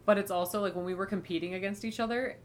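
A young woman in casual podcast chat, telling animated stories, saying "like" a lot and swearing freely. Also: medium pitch, quick pace, a little hiss or hum. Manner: chatty, animated storytelling with frequent "like" and swearing.

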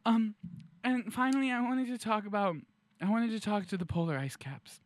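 A man's voice: high voice, normal speed, dry recording, pitched above the performer's own voice, lightly acted. A man playing a smug male empath in a comedy sketch, talking in a soothing, pleading, self-congratulating way.

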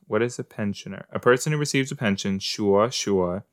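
A man's voice: on the low side, fairly quick, hardly any pauses, no echo, clean studio sound. A man hosting a podcast, chatting casually and musing aloud as he reacts to a show playing in front of him. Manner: chatty, musing, talks to the screen. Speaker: podcast host. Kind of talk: casual reaction commentary while watching a show.

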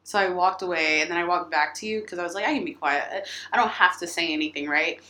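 A woman's voice: fairly low pitch, fast, pushed and bright. A young woman co-hosting a podcast, chatting casually and telling rambling stories with frequent giggles. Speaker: podcast co-host. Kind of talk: casual chat. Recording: echoey room, faint background hum.

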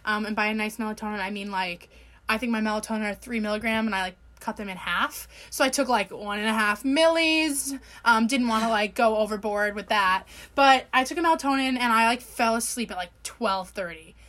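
A young woman with a bright, fairly high voice co-hosts a podcast. She talks in a chatty, wry way and fills her story with plenty of fillers. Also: brisk. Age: 20s. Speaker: podcast co-host. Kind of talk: casual chat.

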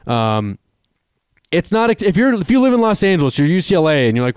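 Man hedging his betting picks, smooth voice. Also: fairly high pitch, big pitch swings, fairly quick, darkish tone, dry recording, clean studio sound. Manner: hedging, conversational with many fillers. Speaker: sports betting co-host. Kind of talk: casual sports betting chat.

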